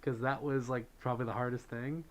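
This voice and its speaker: A man's voice: medium pitch, fairly even intonation, a little fast. A man hosting a livestream, chatting casually with viewers, reading their messages and thanking donors, with plenty of fillers. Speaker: livestream host.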